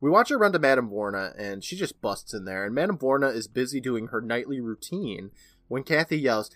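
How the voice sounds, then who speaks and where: A man in a laid-back podcast recap, walking through a plot beat by beat and tossing questions to his co-host. His voice sits at an everyday middle pitch. The recording is dry and close, with almost no room sound. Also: animated, fairly quick, a bit bright, no echo, faint music behind. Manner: playful retelling, often turns to his co-host by name. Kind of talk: casual episode recap.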